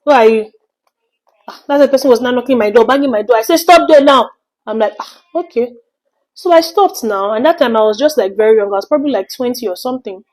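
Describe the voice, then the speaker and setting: A young adult woman from Nigeria, telling an animated storytime vlog and slipping in pidgin phrases. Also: fairly high pitch, racing, few pauses, rough recording. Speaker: vlogger.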